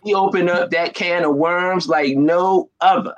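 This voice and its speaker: A man's voice: high voice, a little slow, muffled recording. A man, a comedian guest, telling stories in casual chat with street slang. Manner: animated storyteller, street slang.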